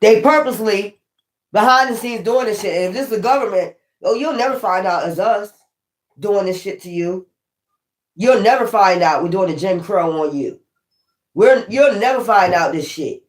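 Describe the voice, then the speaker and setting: A woman's voice: medium pitch, expressive, moderate pace. A woman giving a casual spiritual tarot reading, swearing often and repeating her points for emphasis. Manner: profane, emphatic and repetitive. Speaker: tarot reader. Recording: echoey room.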